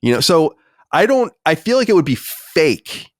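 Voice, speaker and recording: A man's voice: on the high side, very animated, moderate pace, dry recording, clean studio sound. An American man hosting a podcast in casual, rambling chat, emphatic and swearing freely. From United States. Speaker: podcast host.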